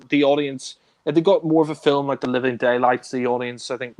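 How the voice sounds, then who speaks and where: In a dry recording, a mid-range male voice co-hosts a laid-back film chat. Rambling and laughing, he swears, uses many fillers, and raises his voice to mimic characters.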